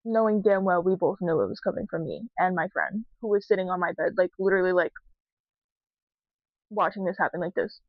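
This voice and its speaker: A woman's voice: on the low side, expressive, fairly quick, dry recording. Rambling young woman, dull dry audio. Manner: rambling, heavy on "like" and "um", cursing freely. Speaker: vlogger answering viewer questions. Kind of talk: casual confessional chat.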